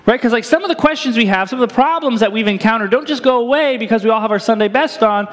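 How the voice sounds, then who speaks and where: A pastor preaching an Easter sermon in a conversational, joking way, often checking in with "right?". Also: male voice, very high-pitched, quick pace, fairly bright tone. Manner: conversational, self-deprecating humor, asks "right?" often. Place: church sanctuary. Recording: reverberant church hall.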